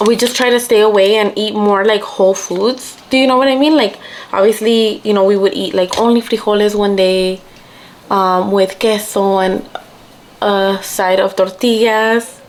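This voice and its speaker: A woman's voice: mid-range voice, fairly even intonation, moderate pace, a little hiss or hum. A young woman vlogger from Mexico telling a story casually while getting ready, chatty and mixing in Spanish. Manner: chatty, switches between English and Spanish.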